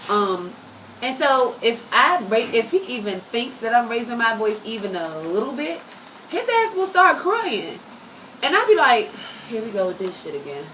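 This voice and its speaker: A woman hosting a casual talk show, telling stories loudly and with animation. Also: on the high side, unhurried, far from the mic, slight background noise, poor audio. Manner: loud, animated storytelling. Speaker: host. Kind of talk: casual podcast chat.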